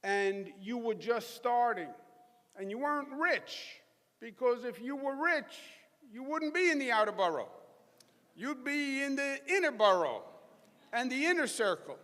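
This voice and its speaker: Brief: middle-aged Queens-accented male politician, high bright voice, booming hall reverb, rally speech. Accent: New York (Queens). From Queens, New York. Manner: rousing, folksy, crowd-working. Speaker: governor giving a speech. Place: large college hall with live audience. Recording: echoey hall, long reverb.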